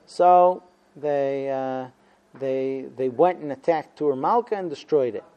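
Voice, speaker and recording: A man teaching a Talmud class, telling a story with lively acted-out quotes and frequent fillers. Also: medium pitch, takes it slowly, smooth, dull audio. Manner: animated storyteller, acting out quotes, many fillers. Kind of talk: storytelling lesson.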